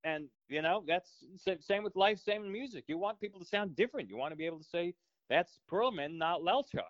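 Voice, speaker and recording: A man being interviewed as a guest musician, speaking in a halting way with many restarts. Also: high-pitched, animated, a bit bright, dry recording, muffled recording. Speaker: guest cellist. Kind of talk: casual interview chat.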